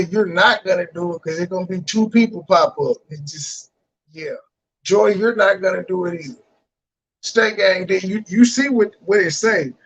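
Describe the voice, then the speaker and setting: A man's voice: high-pitched, slightly rough, low-quality recording. Combative profane man on a livestream. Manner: combative, profane, calling out rivals. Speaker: livestream host. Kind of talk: heated livestream call-in talk.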